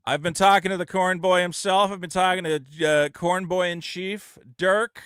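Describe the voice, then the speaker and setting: A man hosting a call-in podcast, talking in a loud, profane, ranting way on a close studio mic. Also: high voice, fairly even intonation, moderate pace, clean tone, dry recording. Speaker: podcast host. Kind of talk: casual call-in chat.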